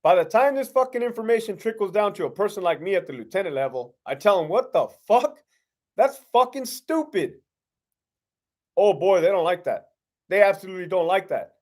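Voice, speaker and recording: A man's voice: high-pitched, animated, fast talker, darkish tone. A middle-aged man, a former prison lieutenant, hosting a casual live-stream Q&A, talking bluntly with heavy profanity and streetwise slang. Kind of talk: casual live-stream Q&A reading viewer questions.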